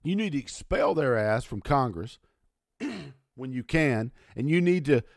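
A man's voice: mid-range voice, lively intonation, unhurried, creaky, no echo, studio quality. A middle-aged man, hosting a talk show and ranting angrily about politics, swearing often and sneering sarcastically. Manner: profane, heated and sarcastic. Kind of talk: angry political rant.

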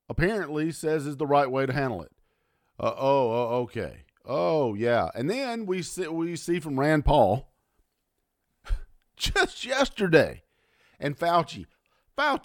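A middle-aged man rants as a talk show host, cursing freely and dripping with sarcasm. His pitch leaps and drops as his temper flares. The sound is close and dry, with no room echo. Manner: profane, heated and sarcastic. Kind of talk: angry political rant.

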